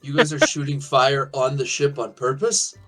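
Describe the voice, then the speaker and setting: A man's voice: medium pitch, little pitch movement, normal speed, a bit bright, soft background music, close to an everyday voice. A man voicing a skeptical ship crewman who questions what he sees, in an incredulous manner.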